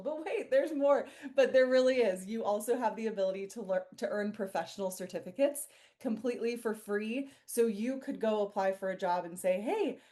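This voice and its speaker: Upbeat woman hosting a wellness webinar. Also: mid-range voice. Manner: upbeat, chatty, guides listeners through a calming exercise. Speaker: webinar host and project coordinator. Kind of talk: friendly webinar presentation.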